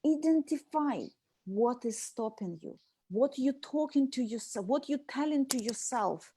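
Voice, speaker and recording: A woman with a Russian accent, a transformation coach talking fast and emphatically in a casual video chat. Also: sits high, lively intonation, mellow, husky.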